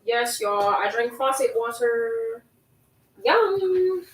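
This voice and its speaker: A young woman hosting a casual livestream from home, reading viewer comments and chatting, with a strong voice that has some bass to it. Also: unhurried, a bit bright, far from the mic. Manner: chatty, reads viewer comments aloud, laughs often. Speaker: livestream host. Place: room at home. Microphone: laptop mic. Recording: echoey room, talking from off the laptop mic.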